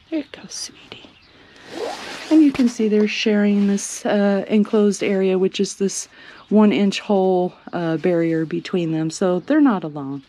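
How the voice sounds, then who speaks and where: A woman chatting casually as she walks through her homestead showing the animals, sometimes cooing at them in a high sing-song. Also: darkish tone, slight background noise. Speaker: homestead vlogger. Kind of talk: casual walking tour vlog. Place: outdoors on a homestead among animals.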